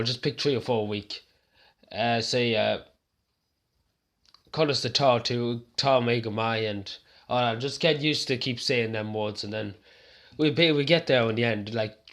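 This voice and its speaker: Irish male vlogger, gravelly voice, rambling casual monologue with restarts. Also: medium pitch, fairly bright tone. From Ireland.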